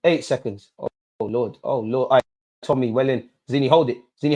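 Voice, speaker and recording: A young man hosting a live football watch-along, swinging between low muttering and yelling at the referee. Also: brisk. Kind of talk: live match reaction.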